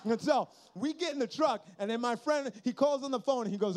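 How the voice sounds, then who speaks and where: A man with a high voice tells a sermon story from the stage, acting out each exchange. He swings from hushed low tones to excited loud bursts. He is from Minnesota and sounds middle-aged. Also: fairly quick, hardly any pauses. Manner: animated, acts out dialogue with sudden jumps in pitch and loudness.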